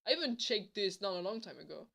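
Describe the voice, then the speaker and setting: A woman vlogger in casual storytime mode, with a bright and sharp tone. She rambles, restarts often and drops a swear now and then. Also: mid-range voice, expressive, quick pace, gravelly. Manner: rambling, full of fillers and swearing.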